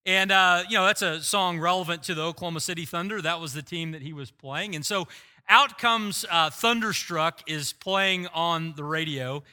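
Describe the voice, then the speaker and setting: A middle-aged man delivers a sermon from the pulpit in a high, piercingly bright voice. He tells his story with lively, self-deprecating humor before turning earnest. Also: normal speed, clear, resonant tone. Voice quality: voice likened to a screaming rock singer. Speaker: pastor.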